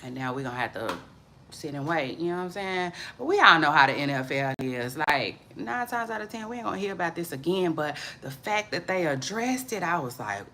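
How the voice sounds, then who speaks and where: A woman's voice: deep voice, very animated, brisk, sharp tone, a little hiss or hum. A woman hosting a casual celebrity gossip livestream, drawling and loose, calling viewers "child" and repeating her catchphrases.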